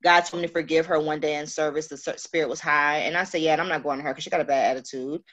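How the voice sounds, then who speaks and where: Lively woman telling a church story. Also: sits low, very fast. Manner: animated storyteller, acts out dialogue. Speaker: guest sharing a story. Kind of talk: casual podcast chat.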